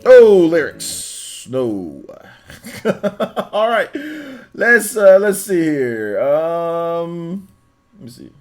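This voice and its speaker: A man's voice: fairly high pitch, very animated, very slow, faint music behind. A young man hosting a livestream in casual chat, reading donations with laid-back slangy banter and frequent laughter. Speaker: livestream host.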